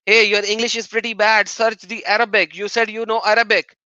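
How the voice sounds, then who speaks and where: A man's voice: high-pitched, level tone, a little fast, pushed and bright, no echo, muffled recording. A man hosting a live-stream debate chat, taunting and sarcastic, often laughing mockingly. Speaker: livestream host.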